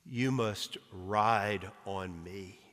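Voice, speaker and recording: A man voicing a great, wise lion in a storybook reading, low and quiet. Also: very slow. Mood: solemn. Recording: long reverb of a large hall.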